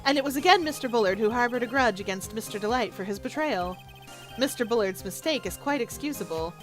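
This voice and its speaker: A woman reading a male witness in a courtroom game, giving measured, formal testimony. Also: a little high, a bit bright.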